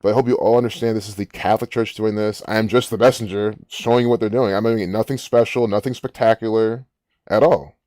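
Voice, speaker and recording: A man's voice: on the low side, fairly even intonation, fast, warm tone, no echo, clean studio sound. A man hosting a casual commentary, rambling and musing aloud with frequent restarts. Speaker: gematria channel host.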